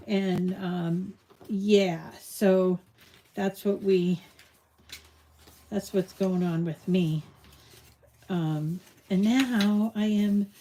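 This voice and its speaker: A middle-aged woman hosts a live crafting lesson in an easy, chatty way, and she often drifts onto side stories. She talks at an unhurried pace with a warm, mellow voice. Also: lowish voice. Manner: rambling, chatty, drifts off on tangents. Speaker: crafting show host. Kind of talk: casual live crafting tutorial chat.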